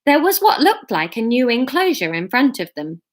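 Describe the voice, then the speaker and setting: A woman's voice: fairly high pitch, big pitch swings, moderate pace. A woman reading a story chapter aloud, breaking off for giggly, self-mocking asides.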